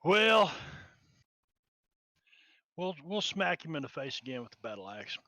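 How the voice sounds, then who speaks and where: A man's voice: a little high, sing-song, measured pace, pushed and bright, dry recording. A man playing in a tabletop game, chatting playfully at the table. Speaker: player. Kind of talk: casual chat at the game table.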